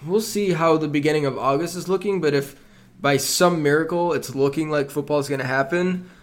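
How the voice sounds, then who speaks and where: A man hosting a sports podcast, steady and measured as he lays out the show's plan. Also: fairly high pitch. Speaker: podcast host.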